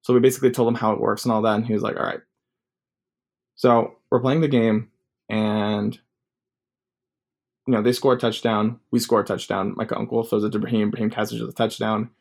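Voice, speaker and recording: A man's voice: on the low side, flat delivery, brisk, gravelly. Rambling young man telling a story. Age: 20s. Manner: rambling, many fillers. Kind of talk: casual storytelling.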